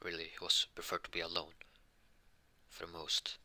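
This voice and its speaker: A man's voice: low voice, monotone, normal speed, pushed and bright. A man improvising a fan-made story, rambling with frequent restarts and fillers. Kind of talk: improvised fan-fiction retelling.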